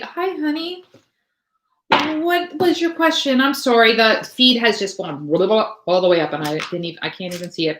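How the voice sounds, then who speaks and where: A woman reads tarot cards live for her viewers and talks in a loose, rambling way, with plenty of fillers and restarts. Her voice sits at an ordinary middle pitch. The room around her gives the sound a clear echo. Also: a bit bright. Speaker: tarot reader. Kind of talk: live-stream tarot reading.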